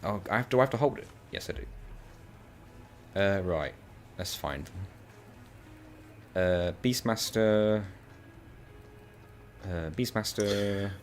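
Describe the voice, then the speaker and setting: Deep-voiced man chatting over gameplay. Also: measured pace, long pauses, a little hiss or hum. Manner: animated storyteller who laughs often. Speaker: co-op gaming channel host. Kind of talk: casual chat while playing a co-op game.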